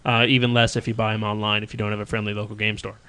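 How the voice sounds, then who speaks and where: A man's voice: fairly low pitch, little pitch movement, very fast, sharp tone, smooth. A man co-hosting a casual podcast chat about tabletop games, rambling with lots of fillers and restarts. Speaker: podcast co-host.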